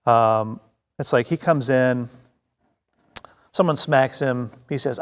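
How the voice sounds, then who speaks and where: A man teaching a Bible study to a congregation, telling the story lively and acting out scenes, with many fillers and restarts. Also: medium pitch, slow pace, clean tone. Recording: long reverb of a hall.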